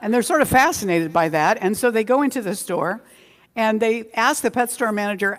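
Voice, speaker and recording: A woman's voice: mid-range voice, brisk. A woman minister giving a conversational Sunday sermon, drawing out key words for emphasis. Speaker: senior minister. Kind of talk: Sunday sermon with a joke story. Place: community center hall. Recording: long hall reverb.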